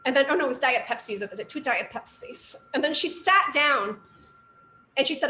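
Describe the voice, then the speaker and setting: A woman's voice: high-pitched, animated, fairly quick, bright, forceful tone, slight background noise. Chatty woman telling stories, echoey room. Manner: chatty storytelling with fillers and asides. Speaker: artist and art teacher. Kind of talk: casual lecture talk.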